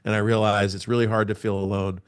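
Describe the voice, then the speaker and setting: A man in his forties sharing a personal testimony on a podcast. His voice sits on the low side, and he tells it like a storyteller, acting out moments with sound words. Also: quick pace, clean tone. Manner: animated storyteller, acts out scenes with sound words. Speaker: podcast guest.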